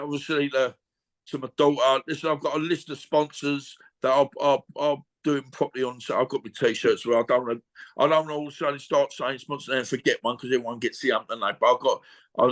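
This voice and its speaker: This boxer's voice is mid-range and a bit bright. Over a video call he gives an emotional, casual interview, speaking bluntly and at length, cursing freely and repeatedly returning to "you know what I mean."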